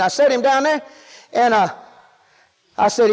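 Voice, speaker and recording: A man preaching a sermon in a very high voice for a man, folksy and emphatic. He keeps asking the congregation whether they follow him. The sound carries a long reverb, as in a large hall. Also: unhurried.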